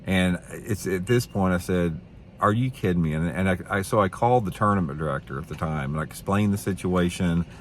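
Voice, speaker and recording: Middle-aged fishing guy, real low voice, rambly and blunt, bit of faint hiss behind. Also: a little fast, few pauses. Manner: rambling, repeats words, blunt and opinionated. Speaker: professional bass angler. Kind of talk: casual storytelling to camera.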